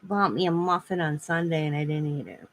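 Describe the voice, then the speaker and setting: Chatty woman with a slightly low voice. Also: a little fast, a little hiss or hum, poor audio. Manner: rambling and chatty, often laughing. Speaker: craft channel host. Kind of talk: casual livestream chat while crafting. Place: home craft room.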